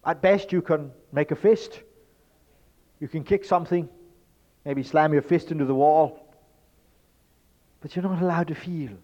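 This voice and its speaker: A man giving a spoken lecture in an emphatic, rhetorical way, swinging between loud stresses and hushed asides. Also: fairly high pitch, a little slow, long pauses. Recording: dull lo-fi recording.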